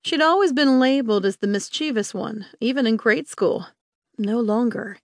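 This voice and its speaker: A woman narrates an audiobook with lively, expressive delivery. Her voice is somewhat high. The recording is close and dry, with no room echo. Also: moderate pace.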